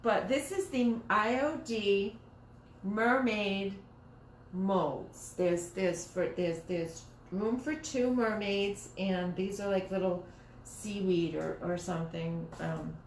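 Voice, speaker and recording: Chatting on a live stream while crafting, a woman with a mid-range voice speaks slowly and loosely, drifting between thoughts and restarting half-finished sentences. The roomy, echoey dining room carries her voice, with a faint hiss of background noise beneath.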